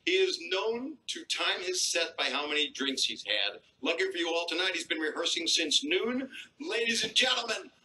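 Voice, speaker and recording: A male show host on a live stage, his voice very bright and a little high. He introduces acts in a showy, stretched-out announcer's manner. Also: very animated, moderate pace, poor audio.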